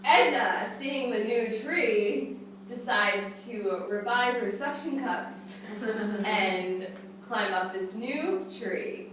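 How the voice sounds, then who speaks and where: A woman narrates her turn of a group story at a slow, measured pace in a slightly high voice. The sound comes from a distance in a very echoey room with background noise. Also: a bit bright. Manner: measured narration, breaking into laughter. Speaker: workshop participant.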